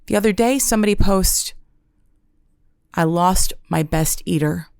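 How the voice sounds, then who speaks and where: A young adult woman hosting a podcast, telling a comedic monologue with deadpan, dramatic exaggeration. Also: fairly low pitch, measured pace, creaky, clean tone, no echo, studio quality. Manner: deadpan, dramatic storytelling with self-mocking exaggeration. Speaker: podcast host.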